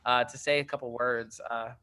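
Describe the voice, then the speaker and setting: A man co-hosting over a video call, hyped up and cheering others on with quick interjections. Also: mid-range voice, flat delivery, bright, forceful tone, smooth. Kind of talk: casual livestream chat.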